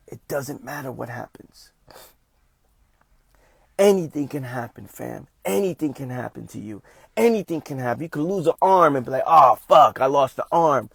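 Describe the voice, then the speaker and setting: Man, motivational livestream talker, a bit high-pitched, emphatic and repetitive, dry close sound. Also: gravelly, slightly rough, dry recording. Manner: emphatic, repetitive, calls listeners "fam". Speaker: motivational speaker.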